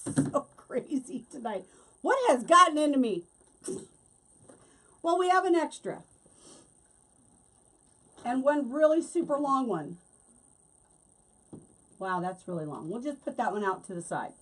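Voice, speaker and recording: A woman's voice: sits high, big pitch swings, unhurried, long pauses, fairly bright tone, husky. A middle-aged woman hosting a casual craft tutorial, chatting and laughing as she works. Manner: chatty, laughs often, talks while working. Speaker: wreath-making host.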